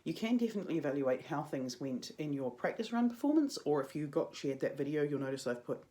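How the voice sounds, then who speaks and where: A woman's voice: low voice, big pitch swings, quick pace, mellow. Chatty New woman teaching drama. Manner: chatty, jokey asides. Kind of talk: casual video lesson to students.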